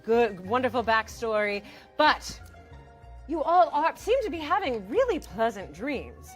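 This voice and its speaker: A woman narrating a tabletop game as dungeon master, gentle and playful. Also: on the high side, big pitch swings, a little slow, faint music behind.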